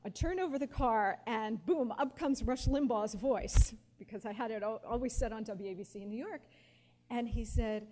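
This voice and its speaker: A woman in her forties telling personal stories to an audience, lively and anecdotal, often quoting others with feeling. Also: on the high side, normal speed. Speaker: guest speaker. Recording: long hall reverb, faint background noise.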